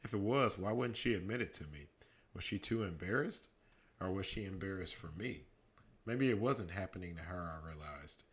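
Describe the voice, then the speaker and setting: A man reads a bedtime story aloud in a calm, measured way. His voice sits a little low and stays unhurried, like a parent settling kids for the night. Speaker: dad reading a bedtime story.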